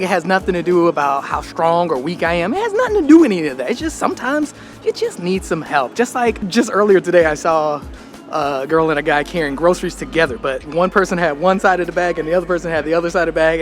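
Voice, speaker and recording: A man's voice: fairly high pitch, lively intonation, fast talker, music in the background. An American man vlogging in a candid, reflective way, full of casual slang. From United States. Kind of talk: casual talk to camera.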